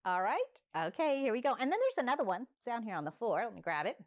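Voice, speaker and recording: A woman from Newfoundland hosting a library story time, talking warmly and playfully straight to young children. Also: on the high side, fast talker. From Newfoundland, Canada. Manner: animated, coaxing, talks straight to young children.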